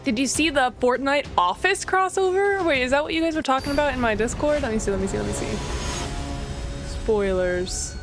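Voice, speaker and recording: A woman streaming a card game, chatting casually, excitable and swearing freely as she thinks aloud. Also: high-pitched, a little fast, music in the background. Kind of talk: casual gameplay chat.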